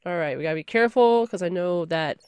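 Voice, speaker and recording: A woman's voice: fairly low pitch, expressive, fast talker, over music. A woman giving chatty let's play commentary, talking to in-game items and shrieking when startled. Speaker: gamer.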